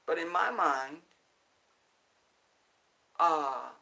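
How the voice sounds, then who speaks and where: A man's voice: a little high, lively intonation, very slow, creaky, sharp tone, poor audio. A man speaking casually and emphatically to his viewers, repeating his points for stress. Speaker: commentator. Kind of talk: casual monologue.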